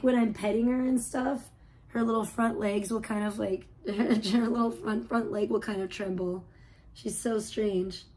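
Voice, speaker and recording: A woman's voice: fairly high pitch, warm tone, rough recording. A woman live streamer at home, chatting casually with her viewers in a rambling way, full of fillers and restarts.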